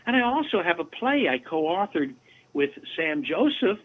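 A man in his seventies, a voice actor guest telling animated, chatty anecdotes in a casual interview over a remote call. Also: sits high, measured pace, a little hiss or hum. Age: 70s. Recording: tinny phone-like line.

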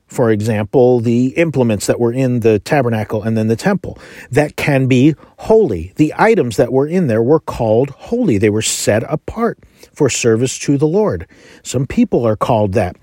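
A man gives a Bible lesson in a measured, earnest voice, reading scripture aloud and then explaining it. His voice sits at an ordinary middle pitch for a man. The recording is dry, with almost no room sound. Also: mellow, no room sound. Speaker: Bible teacher.

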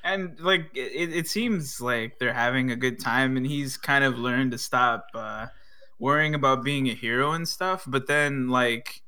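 A man's voice: mid-range voice, a little slow, bright, forceful tone, clean tone. A young man in casual chat recapping an episode, talking hesitantly with many restarts.

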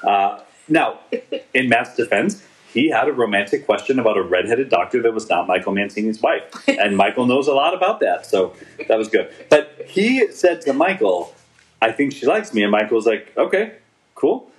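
Reviewing a TV episode on a casual podcast, this forty-something co-host jokes and rambles, restarting himself a lot. His voice is fairly low and expressive at a normal speed, captured in a rough recording.

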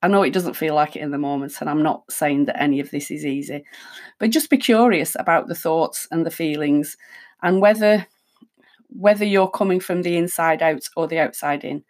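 A woman hosting a reflective self-help talk, speaking calmly and conversationally as she thinks aloud. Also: deep voice, normal speed. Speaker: host.

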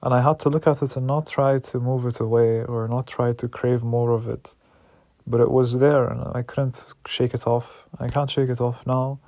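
Man, gravelly and flat-toned, in a personal confessional monologue; angry, searching, profane. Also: medium pitch, no room sound. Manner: raw, angry, searching, with repeated restarts and swearing.

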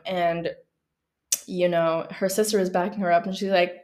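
A woman's voice: fairly low pitch, flat delivery, moderate pace, darkish tone. A woman hosting her own podcast, talking in a casual, earnest and heartfelt way. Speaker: podcast host. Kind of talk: casual solo podcast talk.

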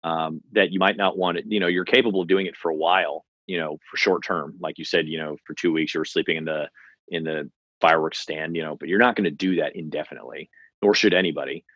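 Very deep-voiced male podcast host. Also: steady tone, fast talker, slightly rough, dry recording, lo-fi sound. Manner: encouraging and reflective, with repeated "you know". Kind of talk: conversational interview.

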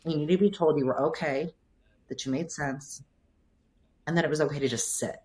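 A woman's voice: low-pitched, fairly even intonation, brisk, dark tone. Thoughtful woman explaining as a guest. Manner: thoughtful, explanatory, frequent "like" fillers. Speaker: physical therapist and coach. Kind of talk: casual podcast interview.

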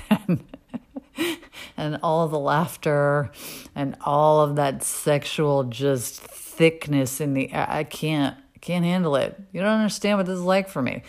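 A woman's voice: deep voice, measured pace, vocal fry, darkish tone. A middle-aged woman speaking frankly and casually about her own life, swearing freely, full of fillers and restarts. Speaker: podcast host. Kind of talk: candid personal monologue.

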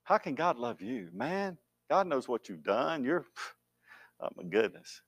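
A man's voice: on the high side, big pitch swings, measured pace, vocal fry, husky, no room sound, clean studio sound, heavily acted. A man pastor voicing a taunting male devil who whispers mocking doubts.

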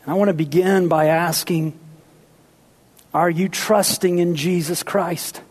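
A pastor preaching a sermon, playful with the congregation at times and dropping to hushed, intense appeals. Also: male voice, sits high, steady tone, unhurried, slightly rough.

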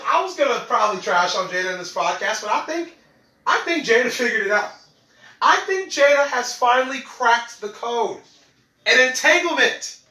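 Animated joking male podcast host. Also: extremely high pitch. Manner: animated, joking, slangy, laughs often. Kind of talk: comic monologue. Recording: roomy, away from mic.

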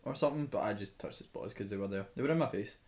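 A man's voice: lowish voice, racing, a little mellow. A man, a guest on a podcast, telling travel stories casually and swearing freely. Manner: sweary storytelling. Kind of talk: casual chat.

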